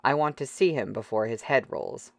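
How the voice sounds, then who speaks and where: A reader voicing a languid, aloof man who speaks low and quietly, in an audiobook. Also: moderate pace, vocal fry, no room sound.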